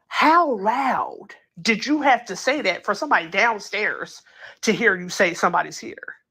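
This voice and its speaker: A woman hosting a casual true crime chat, talking it through in an animated, incredulous way and acting out quotes, with plenty of filler words. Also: mid-range voice, moderate pace, husky. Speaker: true crime channel host. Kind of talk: casual commentary.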